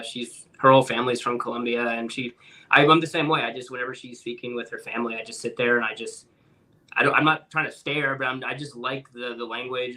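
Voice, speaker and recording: Texan male guest, sharp bright tone, easygoing and chuckly. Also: mid-range voice, poor audio. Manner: easygoing, chuckles between thoughts. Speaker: band member, interview guest. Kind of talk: casual interview chat.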